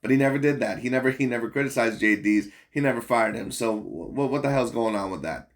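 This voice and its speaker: A man's voice: mid-range voice, fast. A man hosting a boxing commentary channel, talking bluntly and profanely in a rambling, casual rant full of fillers.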